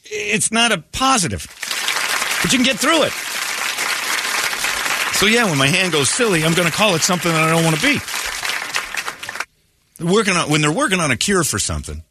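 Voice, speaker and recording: A man's voice: sits high, sing-song, brisk, long pauses, a loud crowd, heavy background noise. A man hosting a morning radio show, talking in a crude, joking, rambling way at a studio mic. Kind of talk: casual morning radio chat.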